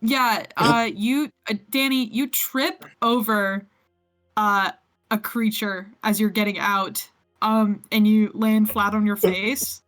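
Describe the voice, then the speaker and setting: A woman's voice: medium pitch, fairly even intonation, takes it slowly, fairly bright tone, faint music behind. A woman narrating a tabletop game as game master, playful and teasing the players.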